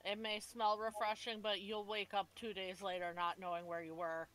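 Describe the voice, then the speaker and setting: Bright-voiced wry player. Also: mid-range voice, flat delivery, normal speed. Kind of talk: casual chat at a game table.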